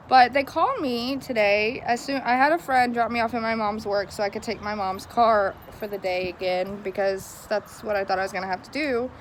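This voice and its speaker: A young woman recording a casual vlog on her phone outside in the cold. She talks in a chatty, frustrated way with a fairly high voice and frequent laughs. Faint outdoor ambience sits behind her. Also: slight background noise. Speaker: vlogger.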